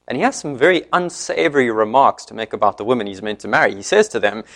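Animated male preacher retelling a story. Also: medium pitch, fast talker, creaky, hardly any pauses. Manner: animated storytelling, voicing the characters' lines.

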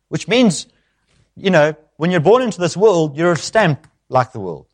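A man preaching an expository sermon, switching into acted speech with sudden loud bursts. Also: on the high side, big pitch swings, normal speed.

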